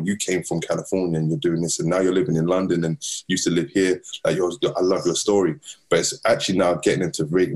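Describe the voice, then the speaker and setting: A man's voice: deep voice, darkish tone, breathy edge. A man talking earnestly and passionately as an interview guest about his youth mentoring work. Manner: earnest and passionate, builds points in long runs. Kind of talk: casual interview talk.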